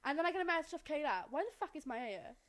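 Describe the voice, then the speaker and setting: A woman co-hosting a podcast, telling a story in casual, animated chat and swearing freely. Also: high voice, very fast. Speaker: podcast co-host.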